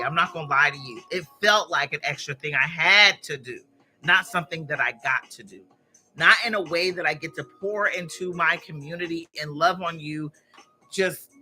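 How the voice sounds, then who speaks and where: Lively, very bright-voiced woman. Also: lowish voice. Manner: chatty and encouraging, talks straight to viewers. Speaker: host of a live stream. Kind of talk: casual motivational chat while arranging flowers.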